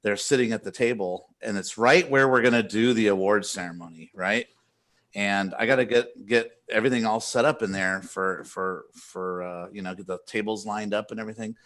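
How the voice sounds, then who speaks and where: A man co-hosting a casual podcast, retelling a story in a rambling, animated way with many restarts. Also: lowish voice, moderate pace. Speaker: podcast co-host.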